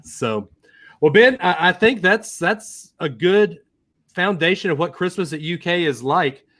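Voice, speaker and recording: A man's voice: sits high, expressive, unhurried, fairly bright tone. An American man in his thirties hosting a podcast, casual and jokey, laughing often and repeating words. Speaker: podcast host. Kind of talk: casual chat.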